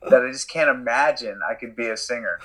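A man's voice: mid-range voice, fast, bright, forceful tone, poor audio. A man being interviewed as a guest, chatting casually, laughing often and joking about himself. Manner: laughs often, self-deprecating. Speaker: guest, endurance athlete.

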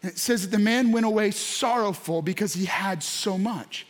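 A man preaching a sermon, speaking straight to his congregation and online viewers and breaking into excited shouts. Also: sits high, normal speed. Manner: animated, bursts into excited shouts. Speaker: pastor.

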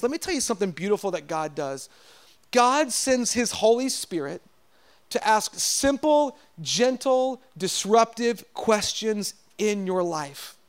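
A pastor preaching an earnest sermon, calling out to his congregation and dropping softer to stress his points. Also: sits high, animated, a little slow, clear, resonant tone.

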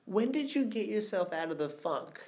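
A man with a slightly higher voice hosts a conversational interview. He asks curious, empathetic questions and laughs easily as he draws his guest out. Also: big pitch swings, normal speed, darkish tone. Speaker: interview host.

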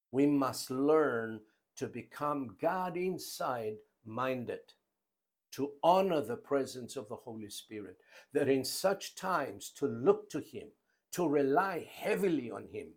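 A man preaching a sermon, emphatic, with his loudness rising and falling and his phrases slow and deliberate. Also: mid-range voice.

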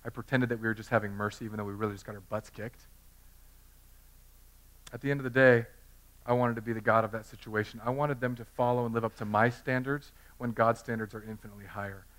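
A man's voice: lowish voice, steady tone, fast talker, fairly bright tone. A man in his thirties preaching a sermon in a conversational, self-deprecating way, telling personal stories. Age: 30s. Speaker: pastor.

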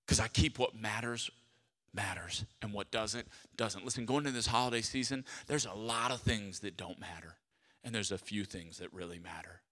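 A man preaching a sermon as a pastor, telling stories with lively, acted-out voices. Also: lowish voice, moderate pace, long reverb tail. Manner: animated storytelling, acts out quoted voices. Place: church sanctuary.

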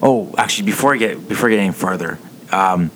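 A man's voice: deep voice, quick pace. A man in casual conversation, telling funny stories and quoting people as he goes. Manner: laid-back storyteller, quotes people in lively bursts. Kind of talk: casual chat. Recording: background noise.

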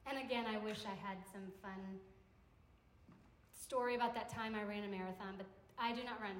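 A young adult woman preaching a sermon to a campus ministry gathering, in a conversational, animated way that acts out little quotes. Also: medium pitch, normal speed, slight background noise. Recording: echoey hall with long reverb.

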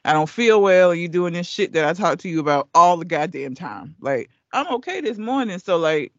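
A woman's voice: fairly low pitch, fairly quick, dry recording, highs cut off. A woman co-hosting a casual podcast, telling stories in a blunt, profane way. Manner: blunt, profane, animated storyteller. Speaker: podcast co-host.

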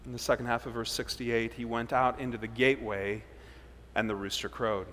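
A man preaching a sermon as pastor, swinging between loud emphasis and hushed, low passages. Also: fairly quick, in a large hall.

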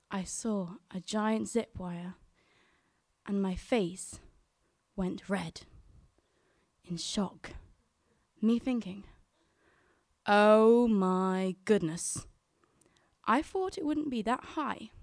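A woman's voice: medium pitch, dry recording, studio quality. A young woman telling a personal story on stage, chatty and quoting her own thoughts.

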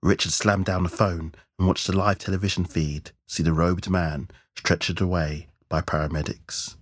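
A man reading a science fiction novella aloud in a measured storytelling manner. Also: deep voice, flat delivery, no room sound, studio quality. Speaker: audiobook narrator. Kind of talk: scripted narration.

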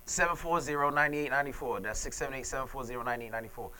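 A man's voice: mid-range voice, smooth, rough recording. A man hosting a radio talk show, joking and casual with his guest. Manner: quick, bright, joking.

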